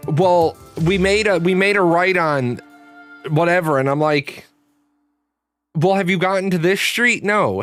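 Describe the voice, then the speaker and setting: A man's voice: on the high side, fairly bright tone, clear, resonant tone, dry recording. Profane rambling man, dry close sound. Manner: profane, rambling storyteller with frequent restarts. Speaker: host. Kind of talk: casual livestream chat.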